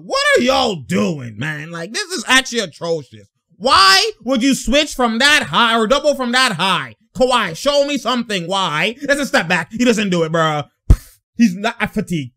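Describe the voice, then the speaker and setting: A man with a high, very lively voice breaks down game film as host of his own show. His tone is bright and sharp. He talks in slangy, exasperated bursts full of exclamations. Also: moderate pace, hardly any pauses. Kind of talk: sports film breakdown commentary.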